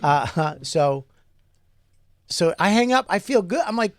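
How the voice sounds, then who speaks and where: Animated, laughing male radio co-host. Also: a little high, a little slow, long pauses, no room sound, clean studio sound. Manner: animated storytelling, laughing often, acting out quotes. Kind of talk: casual studio banter. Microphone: studio mic.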